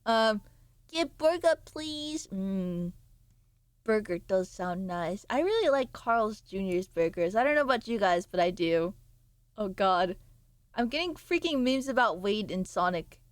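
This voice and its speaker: A woman's voice: mid-range voice, expressive, measured pace, no room sound. A woman streamer chatting casually with viewers, sleepy and playful, rambling with sudden squeals and mock voices. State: sleepy, yawning.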